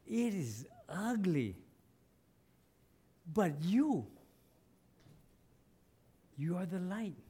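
A man's voice: a little high, a little mellow. A man preaching a sermon as pastor, conversational, asking his congregation questions and building to emphatic lines.

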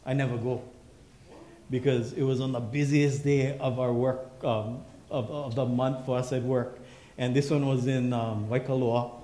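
A pastor preaching a sermon in emphatic, repeating refrains. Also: male voice, mid-range voice, flat delivery, moderate pace, mellow, echoey room.

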